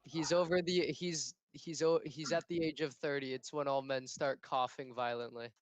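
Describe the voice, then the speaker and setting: A man's voice: medium pitch, steady tone, normal speed, no room sound. A man chatting while gaming, rambling through hesitant explanations. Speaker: player. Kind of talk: casual gaming chat.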